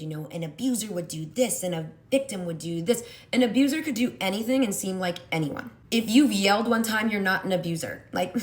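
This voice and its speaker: A woman giving an opinionated monologue on relationships, emphatic and sardonic, acting out quoted arguments. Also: mid-range voice. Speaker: commentator on relationships.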